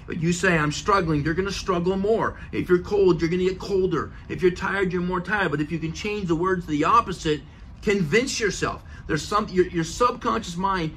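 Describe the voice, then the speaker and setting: In a high, slightly bright voice, a middle-aged man hosts a motivational podcast, with slight background noise. He's earnest and emphatic, repeating key phrases for effect.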